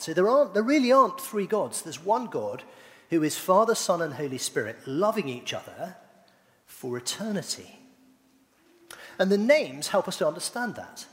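A middle-aged male pastor delivers a sermon, asking his congregation questions in a playful manner. His voice sits on the higher side and moves up and down in a lively way. The sound carries the long reverb of a church hall. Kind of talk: sermon with congregation call-and-response.

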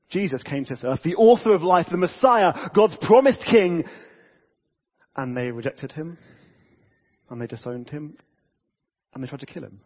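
A man preaching a casual, lively sermon to a church congregation, talking conversationally with frequent restarts. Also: mid-range voice, husky. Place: church hall. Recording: dull reverberant church audio.

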